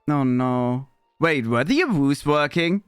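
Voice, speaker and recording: A young man streaming live, chatting with viewers while fighting broken software, scattered and exasperated, cursing and leaping from mumbles to high squeaky outbursts. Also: expressive, slow, smooth, no room sound, clean studio sound, faint music behind. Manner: scattered and exasperated, swearing at tech trouble. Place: home streaming setup.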